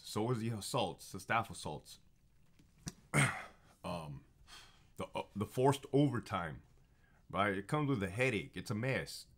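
With a medium-pitched, fairly bright voice, a man in his thirties who once worked as a prison officer swears his way through a casual run of stories. He hammers his points home, repeating phrases for effect, until the talk turns heated and confrontational.

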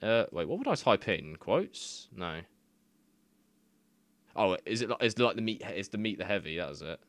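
A man's voice: lowish voice, very animated, normal speed, a bit bright, no echo. A man, casually reading odd machine translations aloud, laughing and swearing as he goes. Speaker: gaming video creator.

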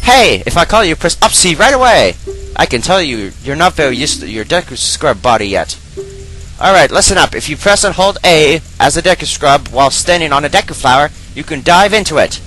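A man's voice: a little high, very animated, fairly quick, pushed and bright, faint music behind, rough recording. A man voicing an impatient, bossy young female fairy as he reads a video game's dialogue aloud. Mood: instructive. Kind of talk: reading game dialogue aloud.

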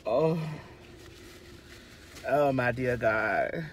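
A woman's voice: a bass voice, expressive, very slow, a little hiss or hum. A woman hosting a casual car chat to her phone camera, brassy and flamboyant, calling everyone "girl" and "honey". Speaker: vlog host. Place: inside a car.

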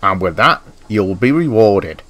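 A man's voice: fairly low pitch, lively intonation, measured pace, fairly bright tone. Brief: man voicing a portly, authoritative railway controller, proper and formal. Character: stout stern older male railway boss.

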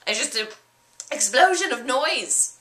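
A woman's voice: high-pitched, a little slow, roomy sound, pitched above the performer's own voice. A woman doing a squealing giddy little girl. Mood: gushing. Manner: breathless, squealing excitement. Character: giddy little girl, gushing and easily upset.

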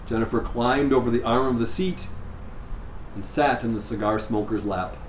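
A male priest giving a sermon, telling a story in an unhurried way with measured pauses. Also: mid-range voice. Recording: echoey room, faint background noise.

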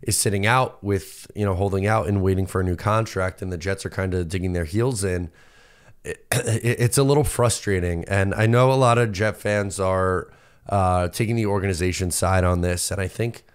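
A young man from Long Island, hosting a casual sports podcast and venting in a lively, self-interrupting way. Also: low voice, moderate pace, clear, resonant tone. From Long Island, New York. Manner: animated, venting, self-interrupting with repeated words. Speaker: podcast host.

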